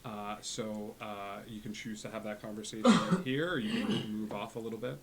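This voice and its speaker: A man narrating a tabletop game as game master, slowly and with many fillers. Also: on the low side, crowd noise.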